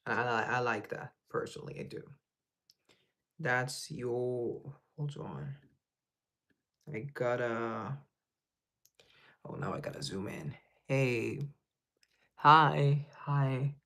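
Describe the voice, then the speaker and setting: A livestream host with a mid-range, pushed and bright voice speaks slowly and pauses often. He reads viewer comments aloud, rambles in a laid-back way, and laughs at himself.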